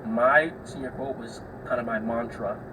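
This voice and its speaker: A man's voice: mid-range voice, steady tone, normal speed, recorded from a distance, noisy background. A young man hosting a podcast, telling stories in a loose, chatty way, swearing freely and acting out the people he describes. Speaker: podcast host. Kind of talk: casual solo storytelling.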